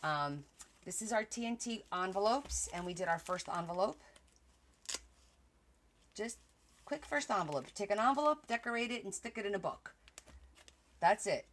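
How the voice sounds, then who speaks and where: A woman closing out her crafting livestream after a long, busy day, tired but still chatty with her viewers. Her voice swings up and down with lively pitch as she greets regulars by name and loses her thread now and then. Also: moderate pace, pauses often, slight background noise. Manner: chatty, addresses viewers by name, trails off and restarts. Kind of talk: casual livestream chat.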